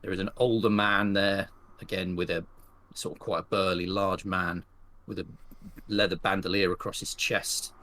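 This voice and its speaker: A man narrating a western tabletop game as game master, rambling through his scenes with many fillers. His voice sits on the low side. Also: level tone, moderate pace, sharp tone.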